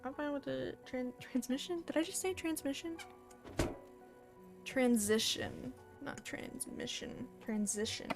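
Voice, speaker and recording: A woman's voice: high voice, expressive, moderate pace, creaky, hardly any pauses, over music. A young woman casually chatting and swearing through live game commentary at home, stopping to coo at her pet. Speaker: streamer. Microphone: desk microphone. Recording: loud background noise.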